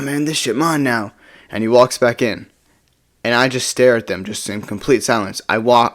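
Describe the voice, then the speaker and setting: A young man telling a party story in a relaxed, rambling way, tacking "right?" onto his lines. His voice sits at an ordinary middle pitch. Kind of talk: casual storytime.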